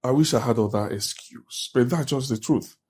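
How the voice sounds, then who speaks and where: An actor with a Nigerian accent playing a tired, busy husband who pleads with his wife to calm down. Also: medium pitch, normal speed, breathy edge. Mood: weary. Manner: weary, pleading. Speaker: actor in a film. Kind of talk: film drama acting.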